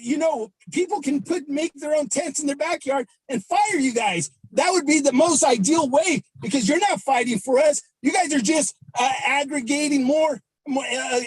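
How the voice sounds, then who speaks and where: A man's voice: very high voice, no echo, rough recording. A man giving an agitated public comment over a remote call, stammering and repeating himself.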